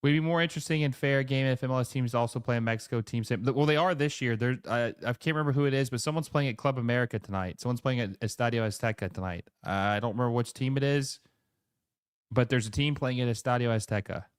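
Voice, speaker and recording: A man hosts a live football watch-along, calling each pass in quick excited bursts before slipping into easy chat with his viewers. His voice is smooth and clear, sitting close and dry on the mic with no room sound around it. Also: medium pitch, dry recording. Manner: excitable play-by-play, chatty asides to viewers. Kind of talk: live match commentary and chat reading.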